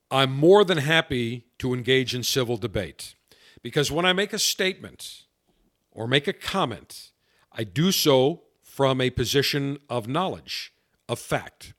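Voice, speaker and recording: A man's voice: a little high, fairly bright tone. A middle-aged man and radio host delivering an emphatic, combative political monologue full of anecdotes.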